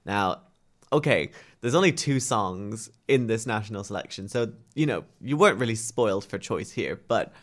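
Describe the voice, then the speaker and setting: A man's voice: on the low side, expressive, moderate pace. A man hosting a podcast in loose, joking casual chat. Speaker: podcast host.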